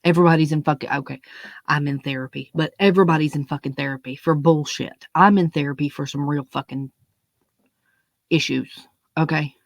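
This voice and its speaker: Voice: mid-range voice, fairly even intonation, brisk, no room sound. A young adult giving a blunt, profane, unscripted rant, hammering points home with repetition. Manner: blunt, profane, emphatic, repeats words when stressing a point. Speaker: monologue speaker. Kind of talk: unscripted ranting monologue.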